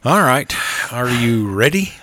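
A man's voice: mid-range voice, big pitch swings, a little slow, sharp tone, a little hiss or hum, low-quality recording. A man hosting a radio show, chatting in a folksy, easygoing way. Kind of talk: casual chat.

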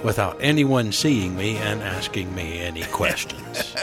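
A man's voice: on the low side, expressive, over music. An older man co-hosting a radio show, telling dad jokes in a folksy, chuckling way. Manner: folksy, chuckling, slow joke delivery. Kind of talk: casual joke-telling chat.

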